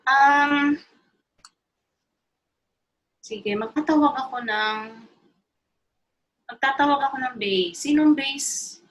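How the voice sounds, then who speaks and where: Filipino woman, voice coach, unhurried, light high voice, playful and coaxing. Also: fairly bright tone, rough recording. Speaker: voice teacher. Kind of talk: online choir workshop lecture. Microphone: video call.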